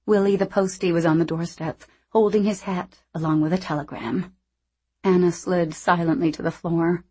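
A woman narrating a novel in the first person in a measured, reflective way. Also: on the low side, fairly even intonation, darkish tone, slightly rough. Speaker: audiobook narrator.

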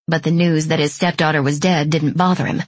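Low, husky woman audiobook narrator. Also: steady tone, fairly quick, dry recording. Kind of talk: scripted narration.

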